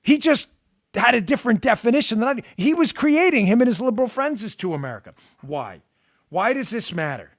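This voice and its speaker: A man hosting a political talk show, delivering an emphatic, sarcastic monologue that swings between loud and quiet, on a close studio mic. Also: very high voice, very animated, a little fast, no echo. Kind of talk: opinionated talk radio monologue.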